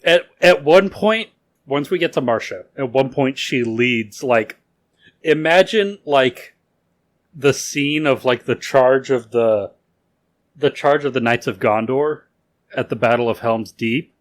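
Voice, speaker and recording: A man's voice: mid-range voice, slow. A man co-hosting a casual podcast, telling a history story in a rambling way with lots of filler words and swearing. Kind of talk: casual drinking-game podcast chat.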